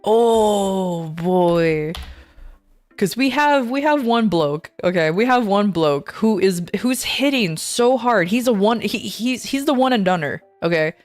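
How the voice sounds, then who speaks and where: A woman's voice: mid-range voice, expressive, slow pace, no echo, soft background music. A woman VTuber streamer chatting casually while gaming, rambling and ranting in an exasperated way.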